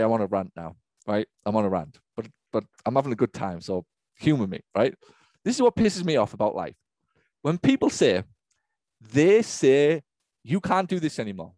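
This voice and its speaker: Profane, emphatic business coach ranting. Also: male voice, a little high, darkish tone, no echo. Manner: profane, emphatic, rapid-fire rant. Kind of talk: ranting webinar talk. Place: online webinar.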